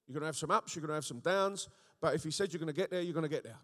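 A man preaching an animated sermon, often checking in with his listeners. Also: on the high side, very fast. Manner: animated, rhetorical, frequent call-and-response checks. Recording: echoey hall with long reverb.

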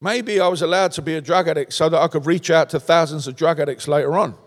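A man's voice: on the high side, fast talker, long reverb tail. A man preaching a sermon in a conversational way, tossing out rhetorical questions in a large church.

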